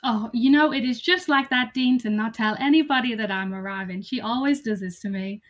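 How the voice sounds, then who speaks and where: A woman's voice: a little high, brisk, natural voice. A woman voicing a chatty, flustered woman posing as a new worker in a tabletop role-play game. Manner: chatty, gushing, over-polite.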